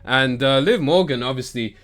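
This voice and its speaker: A young man recapping wrestling shows in a casual vlog, excitable and slangy, laughing often and mimicking the wrestlers. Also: medium pitch, moderate pace. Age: young adult. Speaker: wrestling YouTuber. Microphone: camera that tracks him.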